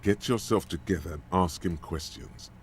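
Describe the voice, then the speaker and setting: A man voicing a brooding inner voice of the mind that narrates slowly and intensely. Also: sits low, slight background noise, lightly acted. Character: ominous male inner voice of the mind. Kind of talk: fan voice acting of a game.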